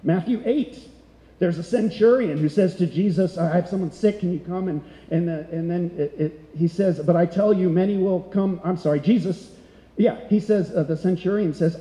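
A man's voice: high voice, moderate pace, mellow. A middle-aged man preaching a sermon as pastor, conversational and full of rhetorical questions. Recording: echoey hall.

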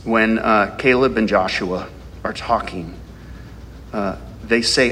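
A man's voice: fairly low pitch, takes it slowly, fairly bright tone, in a large hall, slight background noise. A male pastor preaching a sermon, reading scripture aloud and asking the congregation rhetorical questions.

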